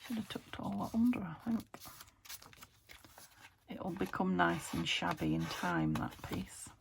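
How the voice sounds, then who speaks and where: A woman's voice: fairly low pitch, unhurried, creaky, slight background noise. A British woman chatting to herself while crafting, thinking aloud and often dropping into a whisper. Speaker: craft vlogger. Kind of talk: casual narration while crafting.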